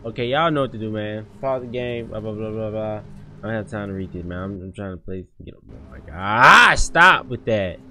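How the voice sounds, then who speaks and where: A man giving slangy, excitable live commentary on a horror game as a gaming streamer. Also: fairly low pitch, fast, a little hiss or hum. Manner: excitable, slangy, yelling when startled.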